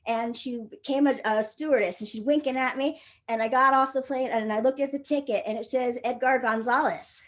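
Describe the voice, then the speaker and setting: A young woman recounting a wild personal story in a loose, conversational way, laughing through it and swearing freely. Her voice sits a little higher than most women's. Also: steady tone, fairly quick, few pauses.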